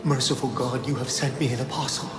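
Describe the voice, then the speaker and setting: Man voicing a crazed priest, solemn preaching tone, mid-pitched, loud game music behind. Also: fairly even intonation, quick pace, natural voice. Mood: fervent. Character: deranged male priest, fervent and solemn.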